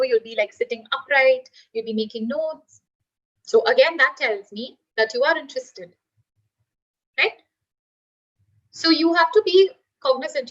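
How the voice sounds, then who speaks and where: A woman's voice: sits high, a bit bright, lo-fi sound. A woman teacher giving a live online class, explaining with everyday examples and asking the class questions.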